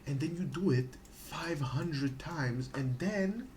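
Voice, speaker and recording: A man's voice: on the high side, lively intonation, slow, darkish tone, slight background noise. A man giving a casual, profane rant about how to improve, often checking in with "okay?" and "right?". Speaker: gaming streamer.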